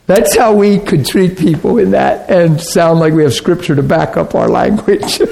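A man preaching a sermon, animated and chatty, acting out harsh voices and laughing often. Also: fairly high pitch, moderate pace, gravelly.

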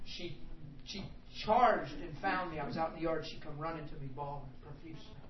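A man preaching a sermon, telling a personal story, moving from hushed speech to shouts and often laughing. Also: a little high, fairly quick. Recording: echoey hall, distant mic, dull audio, background noise.

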